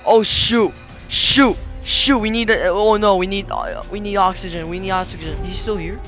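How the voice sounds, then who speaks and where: A gamer giving live commentary while playing, jumpy and excitable, repeating words in quick bursts and yelping when something startles them. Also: medium pitch. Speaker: gamer playing a horror game. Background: game music.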